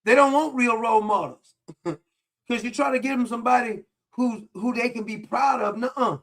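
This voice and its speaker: A man's voice: high voice, creaky, fairly bright tone. A man hosting a commentary show, delivering a combative, mocking monologue full of repetition. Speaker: political commentary host. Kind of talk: ranting monologue.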